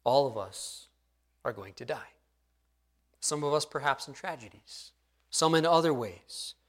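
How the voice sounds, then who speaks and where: A middle-aged male pastor preaching a sermon in an earnest way, often dropping to a hushed tone to stress a point. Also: medium pitch, expressive, a little slow.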